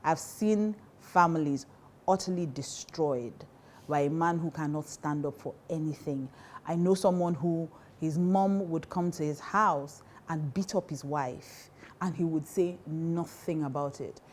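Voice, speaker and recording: A Nigerian woman, a pastor and counselor, gives frank advice to women, emphatic and animated, repeating key phrases and often breaking into laughter. Her voice is low, mellow and warm rather than bright, and she speaks unhurriedly. A little hiss or hum can be heard.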